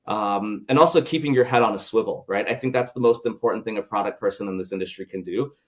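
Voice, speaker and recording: A man's voice: on the low side, quick pace, dull audio. A male podcast guest and product leader talking casually, looping in fillers and ending points with "right?". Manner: loose, filler-heavy, ends points with "right?". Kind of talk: casual conversational interview.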